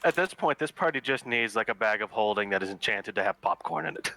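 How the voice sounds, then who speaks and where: A man playing in a tabletop game, joking around and pausing often on fillers, on a home mic during a video call. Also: on the low side, animated, bright, forceful tone, no echo. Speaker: player. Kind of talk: casual tabletop play.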